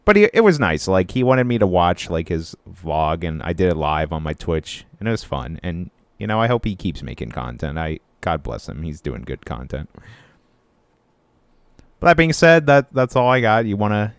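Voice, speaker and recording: A man's voice: deep voice, very animated, normal speed, clear, resonant tone, dry recording. A young man co-hosting a podcast in casual, rambling chat, full of "like" fillers. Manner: rambling, filler-heavy, easygoing. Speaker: podcast co-host.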